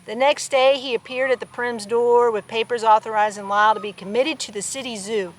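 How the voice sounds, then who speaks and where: A woman with a slightly high voice reads a children's picture book aloud outdoors. She tells the story plainly and breaks off now and then for playful asides to her farm animals. Faint farm noise can be heard behind her. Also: fairly even intonation, fairly quick, poor audio. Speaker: storybook reader.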